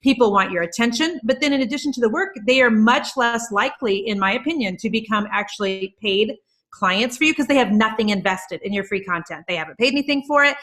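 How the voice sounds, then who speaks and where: A woman's voice: fairly high pitch, a bit bright. A woman being interviewed over a video call, an entrepreneur talking emphatically and piling up examples in casual chat. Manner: emphatic, rapid-fire talker who lists examples. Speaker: guest entrepreneur.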